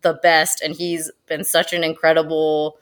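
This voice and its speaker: A woman who manages zoo education, guesting on a podcast, talking in a lively way and laughing often. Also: low voice, moderate pace. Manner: animated and chatty, laughs often, uses many fillers. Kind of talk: casual podcast interview.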